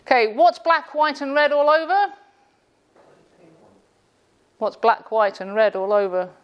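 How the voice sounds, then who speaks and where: A woman lecturer with a slightly high voice teases a live group with sarcastic quiz questions. She mixes jokes into a classroom talk in an indoor room. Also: lively intonation, measured pace, highs cut off. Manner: quizzing the audience.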